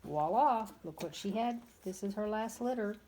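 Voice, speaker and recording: A woman's voice: mid-range voice, lively intonation, moderate pace, dark tone, a little hiss or hum. A woman in her fifties, a dog breeder, chatting casually and bluntly about her puppies at her kennel, with exasperated asides. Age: 50s. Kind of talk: casual vlog chat.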